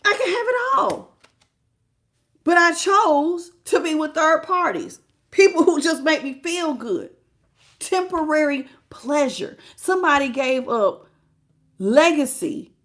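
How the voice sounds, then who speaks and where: A woman with a high-pitched, slightly bright voice gives a live tarot reading. She talks casually and emphatically to her viewers, repeating phrases and laughing often.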